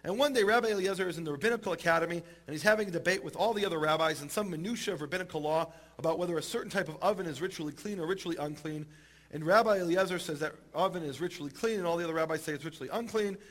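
A man telling a Talmud story in a lively, humorous way and acting out the characters. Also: a little high, very fast. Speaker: teacher retelling a Talmud story. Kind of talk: animated storytelling talk.

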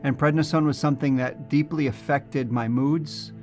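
A man's voice: medium pitch, steady tone, moderate pace, a little mellow, soft background music. A middle-aged man from New Jersey telling his personal testimony in a reflective, earnest storytelling way. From New Jersey, USA. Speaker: speaker giving a personal testimony. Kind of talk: recorded testimony video narration.

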